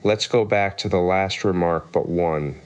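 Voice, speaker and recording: A pompous, touchy egg sitting on a wall, as read by a man in a low, smooth voice. He lectures loftily and picks arguments over every word. The voice stays deep and polished. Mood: lofty. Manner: lofty, argumentative, quick to take offence.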